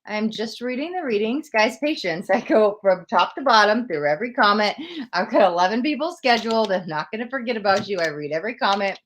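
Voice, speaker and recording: A woman's voice: medium pitch, lively intonation, a little fast, a bit bright. Chatty, reassuring woman live-streaming. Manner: chatty, reassuring, reads viewer comments aloud. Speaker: tarot reader hosting a live stream. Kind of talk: casual live-stream chat.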